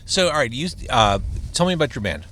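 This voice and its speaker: A man's voice: mid-range voice, very animated, fairly quick, fairly bright tone, a little hiss or hum. A man hosting a podcast, asking questions and chiming in with enthusiastic short affirmations in casual chat. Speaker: podcast host.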